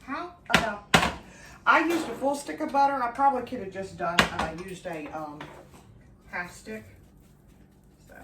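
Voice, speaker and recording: A woman's voice: fairly high pitch, measured pace, pauses often, recorded from a distance, very noisy. Chatty woman cooking in a roomy kitchen. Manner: chatty, enthusiastic, talks to viewers as friends. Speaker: home cooking vlogger. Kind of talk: casual cooking demonstration. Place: home kitchen.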